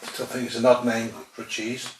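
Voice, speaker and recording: A man's voice: mid-range voice, monotone, a little fast. Man chatting from across a roomy space. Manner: chatty, dry humour, musing aloud. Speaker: food vlogger tasting cheeses. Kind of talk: casual tasting commentary. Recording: roomy sound, distant from mic, faint noise.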